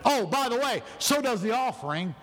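A man preaching a sermon in a church, animated and loud, acting out people's excuses in his own voice. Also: very high-pitched, moderate pace, crowd noise. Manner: animated, shouting, acts out other people's excuses. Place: church sanctuary. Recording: long hall reverb in a church.

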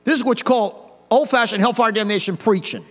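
A man preaching an old-fashioned hellfire sermon, swinging from quiet to loud with mocking asides. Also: sits high, brisk, long reverb tail. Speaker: pastor.

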